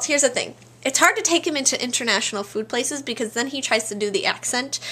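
A woman's voice: on the high side, sharp tone. A woman vlogging at home, chatting in a bubbly, exclamatory way. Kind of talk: casual daily vlog chat. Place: home, indoors.

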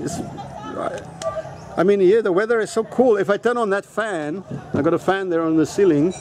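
A man talking to camera outdoors in a casual, rambling vlog, blunt and quick to swear. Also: high-pitched, darkish tone, slight background noise. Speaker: vlogger. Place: outdoors at a resort in a town.

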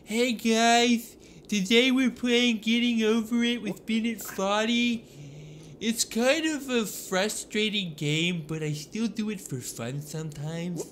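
A man voicing a nerdy young man in glasses who talks in a slow, mild, know-it-all way. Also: high-pitched, a bit bright, slight background noise, voice pushed up. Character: nerdy bespectacled young man explaining things. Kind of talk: put-on character voice in a gaming video.

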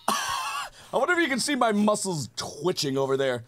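Excitable man swearing at a game. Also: high-pitched, moderate pace, loud music behind the voice. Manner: excitable, swears, jokes and yells. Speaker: gaming video creator. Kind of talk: let's-play commentary.

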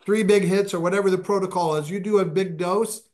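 The man's voice sits high as he trades anecdotes on a podcast, animated and casual, his pace quickening and easing by turns.

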